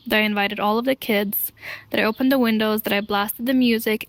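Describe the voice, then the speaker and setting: A woman telling her own life story to camera in an earnest, deliberate way, pausing between short phrases. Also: fairly high pitch, creaky, a bit bright, no room sound. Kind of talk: slow confessional storytelling.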